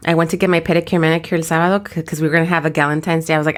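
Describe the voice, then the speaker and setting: Mexican-American woman co-host, tired low voice, slangy animated storyteller. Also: racing, hardly any pauses. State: tired, voice deeper than usual. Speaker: podcast co-host. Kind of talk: casual chat mixing English and Spanish.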